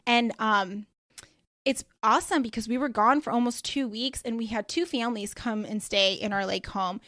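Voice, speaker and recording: A woman's voice: fairly high pitch, moderate pace, a bit bright, no echo, clean studio sound. Bubbly woman, gushing podcast host. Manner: bubbly and gushing, with lots of fillers like "like" and "you know". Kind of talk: casual solo podcast chat.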